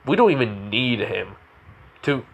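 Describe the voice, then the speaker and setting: A man improvising a fan story as narrator, rambling and halting with many restarts. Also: medium pitch, very animated, gravelly.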